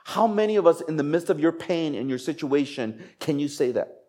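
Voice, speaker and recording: A man's voice: on the high side, expressive, moderate pace, mellow. A man preaching a sermon in a conversational style, asking the congregation rhetorical questions. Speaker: pastor.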